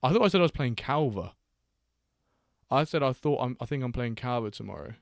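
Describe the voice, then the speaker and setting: A man's voice: mid-range voice, animated, brisk, gravelly, dry recording, studio quality. Jokey man bantering on stream. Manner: jokey banter, frequent laughs. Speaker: streamer host of a watchalong. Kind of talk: casual live-stream chat, reading chat aloud.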